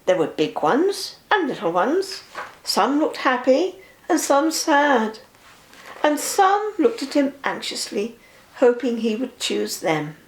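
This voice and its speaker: An older woman reading a children's story aloud to a grandchild in a slow, expressive way. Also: sits high, reverberant.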